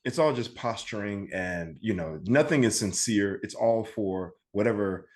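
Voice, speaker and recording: A man co-hosting a podcast, joking around in animated, slangy casual chat. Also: on the low side, unhurried. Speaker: podcast co-host.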